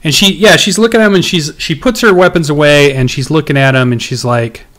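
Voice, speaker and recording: A man's voice: a little high, a little fast, fairly bright tone. A man narrating as game master of a tabletop game, hesitant, with many ums and restarts.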